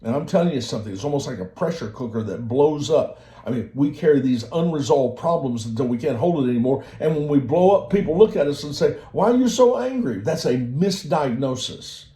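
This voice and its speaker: Man, motivational speaker, warm mellow voice, earnest delivery, echoey room. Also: medium pitch, fairly quick, few pauses. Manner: earnest, repeats words and restarts. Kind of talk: motivational talk.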